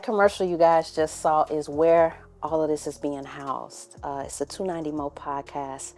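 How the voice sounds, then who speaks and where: Candid young woman podcast host, low voice. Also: fairly even intonation, moderate pace, few pauses. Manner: candid, conversational, drifts into hushed murmurs. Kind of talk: casual emotional monologue to camera.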